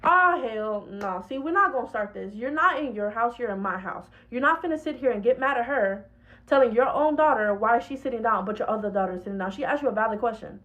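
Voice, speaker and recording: Woman doing a bossy uncle, confrontational, scolding, quick delivery. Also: a little high, expressive, a bit bright, highs cut off. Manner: blunt, confrontational. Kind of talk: comedy skit.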